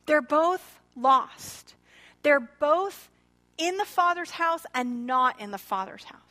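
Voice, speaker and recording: A woman preaching a sermon in a church, retelling a parable expressively and acting out the quoted lines. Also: slow pace. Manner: expressive, acts out quoted speech with shifting pitch and loudness. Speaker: pastor.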